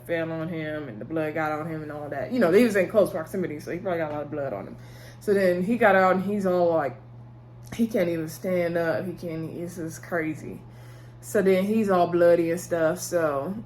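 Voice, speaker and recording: Chatty woman recapping a TV episode. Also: fairly low pitch. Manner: chatty, retells scenes with quoted dialogue, addresses viewers as y'all; talks with her hands. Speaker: TV episode reviewer. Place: indoors at a table.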